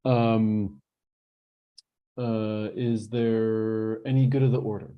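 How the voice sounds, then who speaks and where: A man chairing a virtual meeting, halting and full of fillers, over a video call. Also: lowish voice, flat delivery, clean tone. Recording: dull lo-fi call audio.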